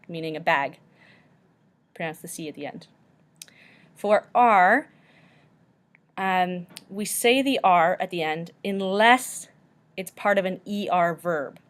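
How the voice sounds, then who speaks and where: A woman, recorded as a teacher giving a French lesson, speaking slowly and carefully and repeating each word. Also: on the low side.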